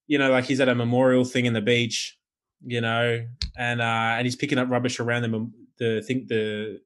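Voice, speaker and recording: Brief: man, podcast co-host, rapid-fire animated storyteller who swears freely. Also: medium pitch. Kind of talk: casual chat.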